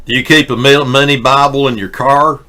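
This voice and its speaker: A man's voice: mid-range voice, fairly even intonation, fairly quick, pushed and bright. A man hosting a satirical political show, delivering sarcastic, mocking, rambling rants. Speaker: host.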